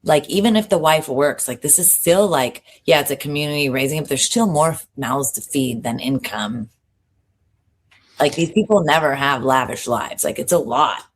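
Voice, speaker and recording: Very low-voiced woman podcast co-host. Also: slight background noise. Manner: animated, swearing, quick asides. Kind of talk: casual pop culture recap.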